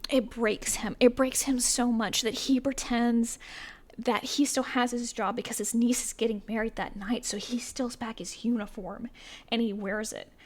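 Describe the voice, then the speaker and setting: A young woman chatting casually to camera about films she loves. Her voice sits a little high, and she talks with eager, heartfelt enthusiasm. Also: a little mellow. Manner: enthusiastic, emotional, talks fast with fillers. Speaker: vlogger reviewing films. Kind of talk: casual chat.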